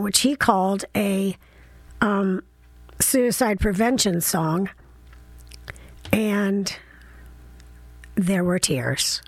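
A woman's voice: mid-range voice, vocal fry, no echo. Middle-aged woman host, rambling and chatty, dry close-miked sound. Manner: chatty, rambling with fillers and asides. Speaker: podcast host. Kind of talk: casual solo chat.

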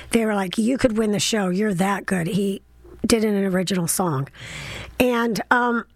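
A woman's voice: medium pitch, dry recording. Chatty middle-aged woman, dry close sound. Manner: chatty, rambling with fillers and asides. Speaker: podcast host. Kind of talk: casual solo chat.

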